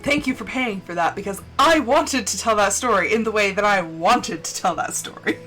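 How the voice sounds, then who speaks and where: A woman's voice: mid-range voice, moderate pace, a bit bright, soft background music, rough recording. A woman streamer casually telling a story while gaming, swearing often and ranting with indignation.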